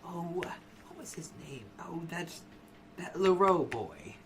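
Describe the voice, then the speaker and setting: A man voicing a sweet, doting elderly woman with a put-on Scottish accent, soft and breathy. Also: fairly high pitch, sing-song, unhurried, pitched above the performer's own voice. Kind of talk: tabletop game voice acting.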